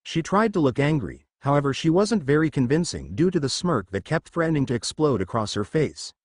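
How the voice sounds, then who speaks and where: A man reading a fan fiction story aloud, with small pitch shifts to mark the dialogue. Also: lively intonation, brisk. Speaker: narrator. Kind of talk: scripted fan fiction narration.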